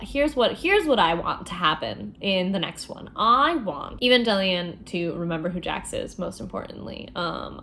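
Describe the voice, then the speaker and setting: Young woman, book vlogger, casual and chatty, expressive, faint background noise. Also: on the low side. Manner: chatty, expressive, frequent fillers and laughs.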